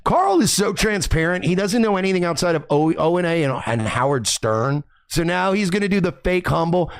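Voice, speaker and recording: Male host, profane mocking commentator, slightly raised pitch. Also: expressive, moderate pace, few pauses. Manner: profane, mocking, rambling rant. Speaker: podcast host. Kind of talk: crude comedic commentary over clips.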